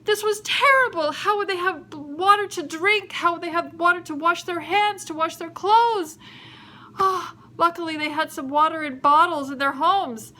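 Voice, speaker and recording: A woman narrates a children's story with lively expression and playful sound effects. Her voice sits very high and rings bright and clear. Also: moderate pace.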